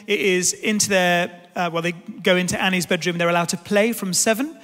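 A man in his thirties giving a sermon, telling a family story as an animated, self-deprecating storyteller. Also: high voice, brisk. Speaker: pastor. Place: large church hall. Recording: reverberant church hall.

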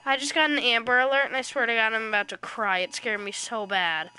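A woman's voice: a little high, steady tone, a little fast, sharp tone, slight background noise. A woman casually chatting while playing a game online, playfully trash-talking creatures in slangy speech. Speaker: gaming channel host. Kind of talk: casual let's-play chatter.

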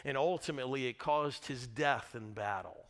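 A man pastor preaching a sermon, telling a story with lively, dramatic delivery and acted-out voices. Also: mid-range voice, normal speed. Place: church.

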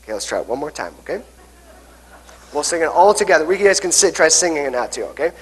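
Man, pastor, high voice, children's message, coaxing, checks in with "okay?", church. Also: sing-song, fast talker, husky, low-quality recording. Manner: coaxing, teaching hand signs with frequent "okay?". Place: church sanctuary.

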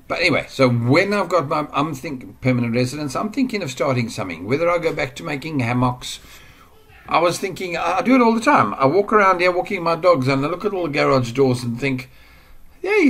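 A man's voice: medium pitch, a bit bright. Chatty rambling man teaching online marketing. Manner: rambling, chatty, drifts off mic at times. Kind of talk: casual screen-share tutorial.

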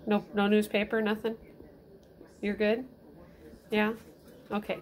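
Woman, pet owner, casual and teasing; slow, mid-pitched, talks to animals like kids. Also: monotone. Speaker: pet owner filming her pets. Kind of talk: casual chat with pets. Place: at home.

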